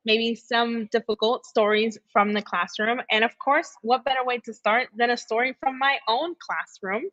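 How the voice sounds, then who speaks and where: A bright, lively woman tells classroom stories in a chatty live-stream style and laughs easily. The sound is dry and a little dull, like lo-fi audio with no room echo. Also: a little high. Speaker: teacher segment host. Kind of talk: casual live-stream storytelling.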